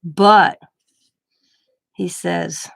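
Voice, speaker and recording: A woman's voice: on the low side, fairly even intonation, very slow, vocal fry, dry recording. A woman in her forties hosting a craft channel, telling a story in rambling casual chat, full of restarts and cut-off words. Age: 40s.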